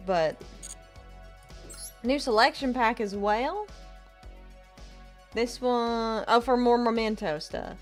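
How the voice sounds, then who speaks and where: A woman's voice: a little high, takes it slowly, long pauses, faint music behind. Woman doing a howdy-saying Southern gal. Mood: playful. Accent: put-on American Southern. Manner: lively, drawling, greets viewers with howdy. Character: folksy twangy Southern gal greeting chat. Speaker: game streamer. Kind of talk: casual live-stream chat.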